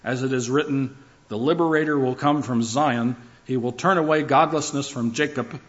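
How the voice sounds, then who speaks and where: A man's voice: medium pitch, moderate pace, muffled recording. A man preaching a sermon, building his points through rhythmic lists and shifts in emphasis. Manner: emphatic, rhythmic lists with rising and falling delivery.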